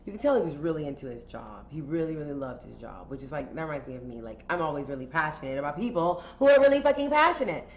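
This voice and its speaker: In a roomy, dull recording with faint noise, a woman with a low voice tells a candid podcast story. She's animated and quick with few pauses, chatty, profane, and full of fillers.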